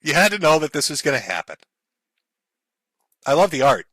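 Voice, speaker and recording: A man's voice: a little high, sing-song, normal speed, fairly bright tone, no echo. Sarcastic swearing man streaming. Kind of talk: ranting live-stream commentary.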